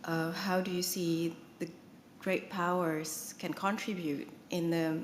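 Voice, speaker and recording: A young woman from Indonesia politely asking the panel a question, quick with some hesitations. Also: lowish voice, level tone. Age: young adult. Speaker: audience questioner. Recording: reverberant hall with faint noise.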